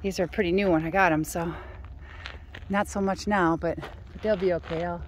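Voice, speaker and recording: A woman's voice: fairly low pitch, steady tone, moderate pace, a little hiss or hum. A woman filming a casual vlog outdoors on a mountaintop, slightly out of breath and chatting to her viewers on a handheld camera. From Arizona. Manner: chatty, talks to her dog. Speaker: vlogger.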